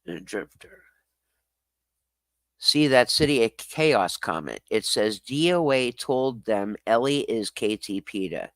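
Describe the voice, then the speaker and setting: Speaking slowly and animatedly, a man with a lowish, slightly bright voice hosts a live stream. He reads comments from chat, replies bluntly and directly to viewers, swears freely and laughs often, all on a dry recording.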